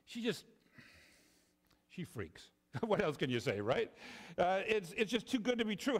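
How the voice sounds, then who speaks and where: A man preaching in a church sanctuary, his voice sitting a little higher than most men's. He shifts between lifted retelling and sudden low, quiet emphasis, stumbling and repeating words as he talks. A long reverb hangs behind every phrase. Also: sing-song, unhurried, long pauses. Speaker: pastor. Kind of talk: sermon.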